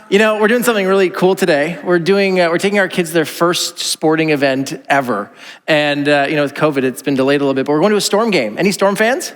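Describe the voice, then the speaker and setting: A man's voice: on the high side, fast. A man, preaching a chatty, joking sermon to his church and acting out the voices he quotes. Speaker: pastor. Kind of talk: casual conversational sermon. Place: large church hall. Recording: reverberant church hall.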